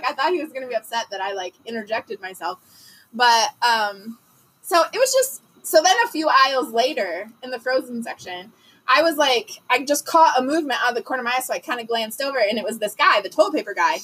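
A woman from Detroit telling a story in casual chat, animated and full of fillers, acting out the lines she quotes. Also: high voice, brisk, breathy edge, rough recording.

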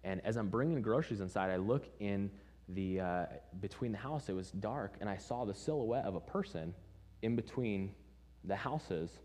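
A young man preaches with a low voice, telling a personal story with energy. He acts out the people he quotes, then shifts into teaching the congregation. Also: lively intonation, normal speed, darkish tone.

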